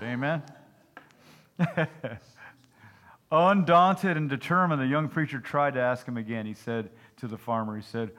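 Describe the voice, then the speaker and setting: A male pastor gives a folksy sermon in a mid-pitched, fairly bright voice, speaking at a measured pace and pausing often. He works jokes into his preaching and keeps checking in with the congregation by asking "Amen?" and "okay?"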